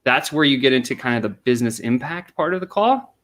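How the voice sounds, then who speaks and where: This man talks a little fast, with lively intonation and a fairly bright, medium-pitched voice. He's a sales consultant appearing as an interview guest, breaking down a sales method step by step and role-playing example questions and responses in a conversational exchange.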